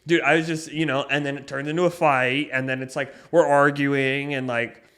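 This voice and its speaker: Young guy on a podcast rambling, swearing a lot, gets loud and worked up. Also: medium pitch, level tone, moderate pace, clean tone. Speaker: podcast co-host. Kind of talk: casual chat.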